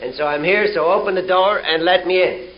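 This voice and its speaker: An irritated working plumber, as a man acts him out, losing patience and spelling out every word. He talks a bit higher than usual, on a muffled old tape with a faint hiss. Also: fairly quick, natural voice. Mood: exasperated. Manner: exasperated, spelling things out. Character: exasperated middle-aged male plumber at a door.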